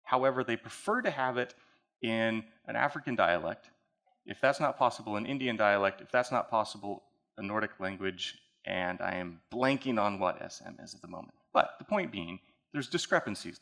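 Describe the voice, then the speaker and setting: A man's voice: fairly low pitch, expressive, brisk, creaky, fairly bright tone. A man speaking at a conference, walking the audience through a technical case study in a casual, conversational way. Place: conference hall.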